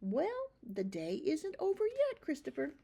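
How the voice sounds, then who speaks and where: A woman voicing a calm, kindly mother mouse in a children's storybook reading. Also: sits high, measured pace, creaky, voice pushed up, full character voice. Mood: gentle.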